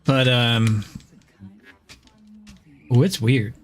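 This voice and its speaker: A man's voice: medium pitch, steady tone, extremely slow. A man streaming and chatting casually, joking and laughing often. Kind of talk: casual chat.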